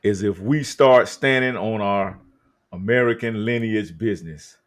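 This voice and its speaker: A man's voice: fairly low pitch, a little slow. Fired-up man hosting a live stream. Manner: emphatic, drawn out, many uh fillers. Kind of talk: casual live-stream talk.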